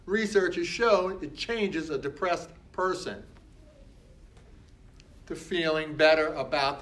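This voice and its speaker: A man's voice: a little high, a bit bright. A man speaking as a coach in a motivational talk. He is emphatic and repetitive, and he acts out other people's words.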